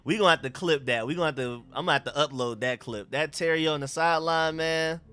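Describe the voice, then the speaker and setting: A man's voice: a little high, quick pace, sharp tone, smooth. Hyped young man reacting live. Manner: hyped, repeats phrases, slangy street talk. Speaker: sports live stream host. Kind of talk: excited live game reaction.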